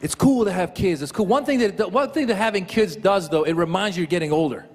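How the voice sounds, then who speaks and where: High-pitched male stand-up, self-mocking, echoey room with an audience. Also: fast, slight background noise. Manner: animated, self-mocking storytelling. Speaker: stand-up comedian. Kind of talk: stand-up set. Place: comedy stage. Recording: echoey venue with loud audience.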